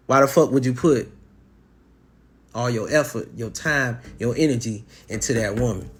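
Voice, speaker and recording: Blunt, animated man giving dating advice. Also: medium pitch, moderate pace, breathy edge. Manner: blunt and animated, with sports analogies and acted-out quotes; profane, streetwise slang. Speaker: podcast host giving relationship advice. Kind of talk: casual monologue.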